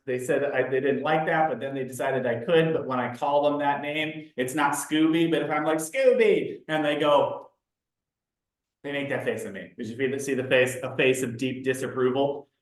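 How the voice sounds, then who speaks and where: A man leading a live online training, animated and chatty, often asking the audience questions. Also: on the high side.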